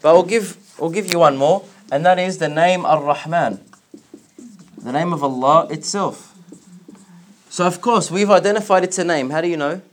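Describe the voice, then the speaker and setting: A man teaching a religious class, explaining word by word and asking his students questions, with quick recited verses. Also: on the high side, slight background noise. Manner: recites verses in rapid chant.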